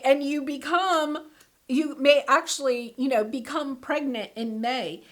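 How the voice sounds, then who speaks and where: A woman with a high, bright-toned voice gives a casual tarot card reading. She gushes with excitement, keeps talking through plenty of fillers, and breaks into laughter now and then. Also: moderate pace. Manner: effusive and excitable, with frequent fillers.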